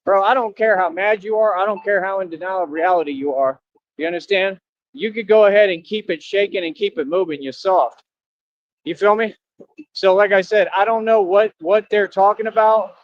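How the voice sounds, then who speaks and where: A man's voice: high voice, normal speed, dull audio. A man from Austin, Texas, ranting confrontationally on a livestream in streetwise slang with lots of repetition.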